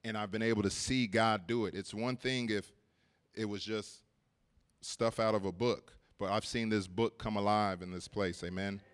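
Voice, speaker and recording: A man's voice: lowish voice, steady tone, moderate pace. A man preaching at a church service, telling a personal story in a casual way, laughing often and repeating words as he goes.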